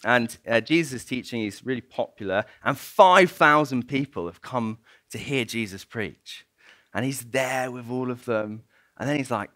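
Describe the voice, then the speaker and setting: A man giving a sermon as a guest preacher, telling a story in an animated way and laughing often. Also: mid-range voice, a little slow, no echo.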